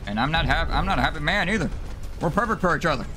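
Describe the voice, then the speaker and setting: A man commentating his own gameplay, swearing and mocking himself in exasperated rants, with sudden high yelps when frustrated. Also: lively intonation, fast talker, over music. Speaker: let's play gamer.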